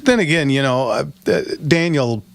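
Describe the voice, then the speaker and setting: A man's voice: mid-range voice, animated, normal speed, vocal fry, no room sound. A middle-aged man hosting a radio talk show, rambling and chatty, laughing often. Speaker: radio show host and auction owner.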